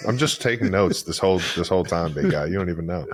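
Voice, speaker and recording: Relaxed joking man co-hosting. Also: low-pitched, fast talker. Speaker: podcast co-host. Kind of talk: casual podcast chat.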